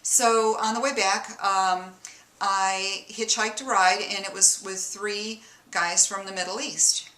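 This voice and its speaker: A chatty woman from Detroit tells a story to the camera and pokes fun at herself as she goes. Her voice is bright and sharp, and it echoes in a roomy space. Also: mid-range voice, steady tone, takes it slowly. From Detroit, USA. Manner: chatty, self-mocking. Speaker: vlogger. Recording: roomy echo.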